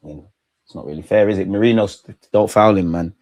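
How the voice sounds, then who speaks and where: A man streaming a live football watchalong, excitably shouting at players and the referee and bantering with his chat. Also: on the low side, fast talker. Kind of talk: live match reaction commentary.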